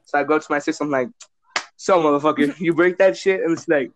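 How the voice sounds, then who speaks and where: A young man telling a profane, animated story to his friends in casual chat. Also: a little high, fast talker, slight background noise.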